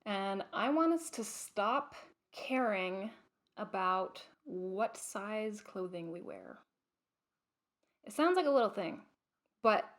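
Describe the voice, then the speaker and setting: A young adult woman hosting her own vlog, chatting casually to camera with lots of fillers and restarts. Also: mid-range voice. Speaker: vlog host.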